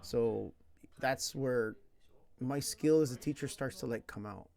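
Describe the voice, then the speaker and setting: A man's voice: medium pitch, a little slow, creaky. A man from California who teaches English, telling stories casually in a slangy, laughing way. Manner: slangy, laughing, animated retelling. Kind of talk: casual storytelling.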